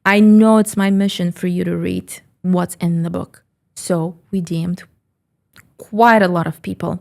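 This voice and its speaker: A woman entrepreneur talking on a podcast, telling animated stories bluntly and swearing freely. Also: fairly low pitch, measured pace, creaky. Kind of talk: casual podcast chat.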